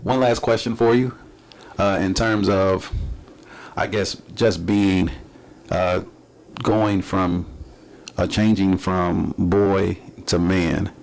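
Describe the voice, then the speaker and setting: A man's voice: low-pitched, steady tone, takes it slowly, creaky, a little mellow. A man hosting a casual interview, asking long rambling questions with many restarts. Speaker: podcast host.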